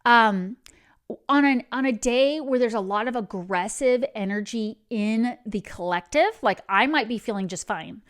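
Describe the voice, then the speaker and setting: Earnest, slightly high-voiced spiritual host. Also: female voice, a little slow. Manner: earnest, meandering, digressive. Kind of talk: spiritual advice monologue.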